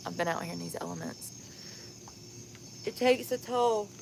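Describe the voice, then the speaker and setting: A woman's voice: fairly low pitch, moderate pace, vocal fry, slight background noise. A tired, sunburnt woman vlogging outdoors at night, telling stories bluntly and candidly and laughing often. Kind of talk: casual outdoor storytelling vlog.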